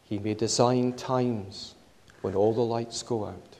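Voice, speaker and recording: Man preaching slow and deliberate, big echoey church hall, keeps repeating the key lines. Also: lowish voice, fairly even intonation, warm tone. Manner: measured, emphatic, repeats key phrases. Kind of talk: sermon.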